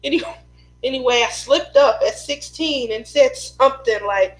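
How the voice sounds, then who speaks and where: A woman's voice: high voice, moderate pace, fairly bright tone, poor audio. A woman who hosts a craft live stream, telling family stories in a chatty way and laughing often. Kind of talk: casual storytelling chat.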